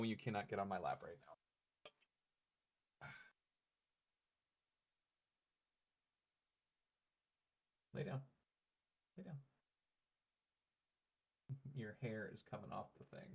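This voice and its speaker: A man's voice: lowish voice, lively intonation, drawn-out words, long pauses. A man casually thinking aloud while he plays a game from his home desk, swearing when he gets annoyed. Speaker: streamer. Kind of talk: casual gameplay commentary.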